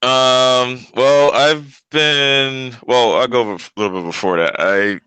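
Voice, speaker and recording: A man, a guest actor chatting casually in an animated way and laughing easily. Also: mid-range voice, smooth, no room sound. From Brooklyn, New York. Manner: animated, quick to laugh, does mock quotes. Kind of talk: casual chat. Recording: dry close sound.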